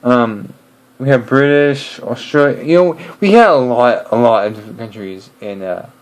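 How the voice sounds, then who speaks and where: A young man chatting casually to camera, rambling and hesitant, with many pauses and restarts. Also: medium pitch, rough recording. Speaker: video creator.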